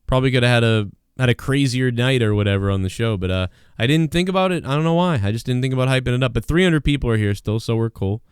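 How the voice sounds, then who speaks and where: Smooth-voiced man hosting a rambling live show. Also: mid-range voice, fast, few pauses, no room sound, studio quality. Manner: rambling, joking, slangy. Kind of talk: casual live-stream chat.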